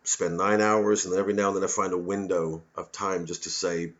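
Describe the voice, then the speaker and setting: A low-pitched American man from Missouri rants in a loose, profane monologue, circling back and restarting his sentences. The sound is dull and lo-fi, like a home recording. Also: flat delivery, brisk, fairly bright tone. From Missouri, USA. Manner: ranting, profane, digressive with many restarts. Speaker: comedian hosting his own show. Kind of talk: rambling monologue to camera.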